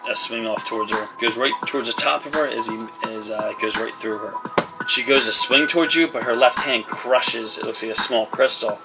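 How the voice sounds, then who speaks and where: A man's voice: mid-range voice, moderate pace, poor audio. A man narrating a tabletop game as game master, rambling with lots of fillers as he describes the action. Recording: loud background music.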